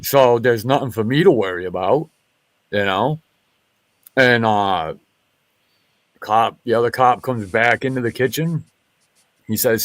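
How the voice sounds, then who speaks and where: A man, a former military police officer, swearing freely in an animated story that acts out what each person said. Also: mid-range voice, moderate pace, dry recording. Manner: profane, animated retelling with quoted dialogue. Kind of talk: casual storytelling in a group chat.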